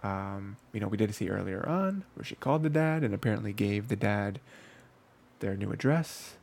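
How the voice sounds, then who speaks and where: A man's voice: lowish voice, lively intonation, normal speed, creaky, darkish tone. A man hosting an anime review show, talking casually with lots of fillers and restarts. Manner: rambling, filler-heavy, frequent restarts.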